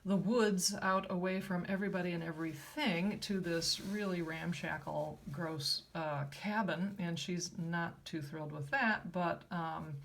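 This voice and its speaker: Older woman, lowish voice, dry halting comic-book recap, faint hiss. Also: creaky. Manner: wry, halting, with many fillers. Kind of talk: casual retelling of a comic story.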